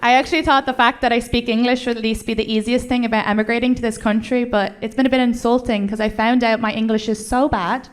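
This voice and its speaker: Higher-voiced Irish woman doing stand-up. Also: steady tone, quick pace, hardly any pauses. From Ireland. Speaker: stand-up comedian. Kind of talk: stand-up set. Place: comedy club stage with laughing audience. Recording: live club with clear background noise.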